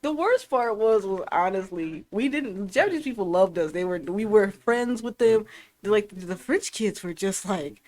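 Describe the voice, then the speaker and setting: A woman's voice: medium pitch, expressive, unhurried, darkish tone. A young woman from Ohio with an Ohio accent, co-hosting a casual chat with chatty, giggly storytelling. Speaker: co-host. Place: library.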